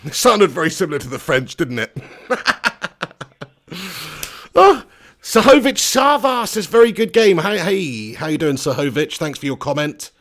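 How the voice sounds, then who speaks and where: A man's voice: fairly high pitch, very animated, a little slow, long pauses, fairly bright tone. A man who hosts a live football watch-along, commenting on the match and reading viewers' comments in a jokey, rambling way. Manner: chatty, jokey, rambling, banter-heavy.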